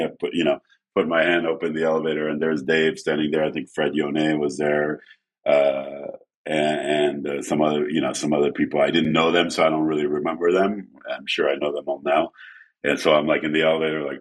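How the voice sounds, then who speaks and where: A man telling casual stories as a guest photographer, acting out quotes in an animated way. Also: brisk. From France. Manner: animated, acts out quotes with shifting pitch. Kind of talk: casual storytelling.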